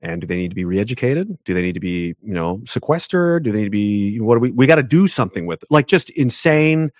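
Fast-talking, fired-up male interview guest. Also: animated, dry recording, clean studio sound. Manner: emphatic, ranting, pitch jumps up sharply for emphasis. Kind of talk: heated conversational interview.

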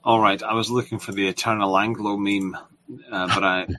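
A man hosting a podcast interview, speaking in a polite, wry, low-key manner. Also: level tone, fairly quick, noisy background. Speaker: podcast host. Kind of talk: casual interview chat.

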